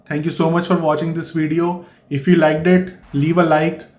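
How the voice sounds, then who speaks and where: A man's voice: on the high side, flat delivery, moderate pace, a little mellow, slight background noise. A man from India with an Indian accent, giving earnest, explanatory advice in a vlog and repeating his key points. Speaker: vlogger. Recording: echoey room.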